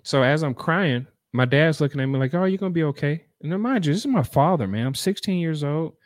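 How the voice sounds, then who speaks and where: A man's voice: on the high side, animated, fairly quick, no echo, studio quality. A man, earnestly telling a personal story in a conversational, repetitive way to make a motivational point.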